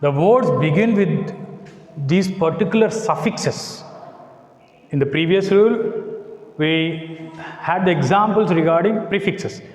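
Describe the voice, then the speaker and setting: A man's voice: high voice, measured pace, pauses often, a little mellow. A man with an Indian English accent teaching a lesson on word stress, repeating example words and spelling out letters. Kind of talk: classroom lecture on word stress. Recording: echoey room with long reverb.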